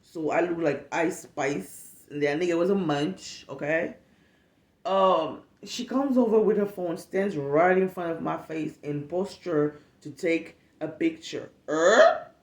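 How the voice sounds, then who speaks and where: A woman telling stories in casual talk, animated and profane, acting out the people in them. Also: lowish voice, takes it slowly, roomy sound. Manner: animated, profane, acts out the people in her story. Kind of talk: casual storytelling.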